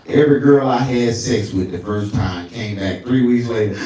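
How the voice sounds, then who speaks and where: A male stand-up comedian telling crude stories, often jumping into falsetto. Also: normal speed, warm tone, heavy reverb, far from the mic. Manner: crude, storytelling, swings into falsetto.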